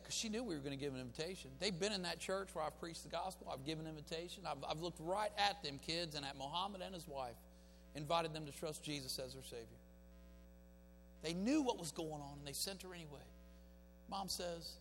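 A fervent preacher with a fairly high voice, alternating between loud, rising exhortations and hushed, conversational stories. His voice carries through a church hall with a long echo, with soft music playing underneath. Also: moderate pace, creaky. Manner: impassioned, swings between shouted exhortation and quiet storytelling. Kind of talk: sermon. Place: church sanctuary.

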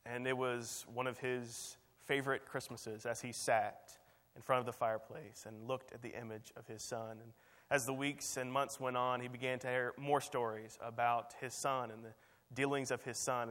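Flat-toned preacher with long echo. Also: male voice, medium pitch. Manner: storytelling with frequent restarts. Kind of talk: sermon storytelling. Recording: long reverb.

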